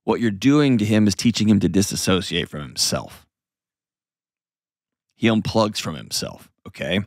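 A man's voice: lowish voice, lively intonation, moderate pace, dry recording, studio quality. A man hosting an advice show, explaining parenting earnestly and acting out little scenes in changed voices.

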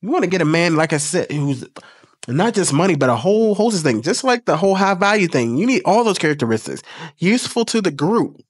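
A man's voice: sits high, very animated, fairly quick, husky, dry recording, clean studio sound. A man hosting a casual commentary video, blunt and profane, lecturing in an exasperated way.

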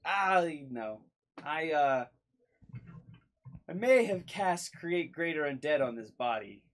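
A man's voice: on the high side, expressive, slow pace. A man playing a tabletop game, joking and laughing often. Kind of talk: casual in-character and table talk.

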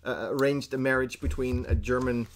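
A man's voice: mid-range voice, steady tone, normal speed. Brief: male co-host, chatty and rambling, light background hiss. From Netherlands. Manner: chatty, rambling, restarts mid-sentence. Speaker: podcast co-host. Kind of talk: casual chat while playing a card game.

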